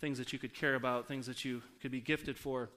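A man's voice: medium pitch, steady tone, brisk, bright, forceful tone. A pastor preaching a casual, story-driven sermon to his congregation, often asking the audience questions. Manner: conversational, asks the audience questions.

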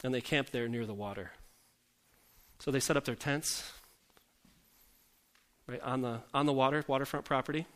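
A medium-pitched man with fairly even intonation and a fairly bright tone preaches at normal speed, pausing often. His conversational sermon is full of self-deprecating humor and rhetorical questions aimed at the congregation.

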